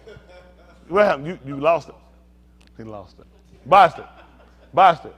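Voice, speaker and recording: Animated preacher man, lively high voice. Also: normal speed. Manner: animated, calls out to listeners, laughs and shouts at times; casual vernacular, asks "y'all understand?". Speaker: pastor. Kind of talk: interactive sermon teaching.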